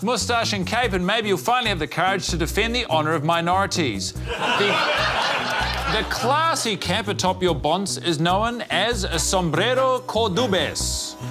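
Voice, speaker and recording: A man with a New Zealand accent hosting a comedy spelling quiz, delivering deadpan, mock-grand quips. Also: high-pitched. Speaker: quiz show host. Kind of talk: comedic game show hosting. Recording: live studio with loud crowd and music.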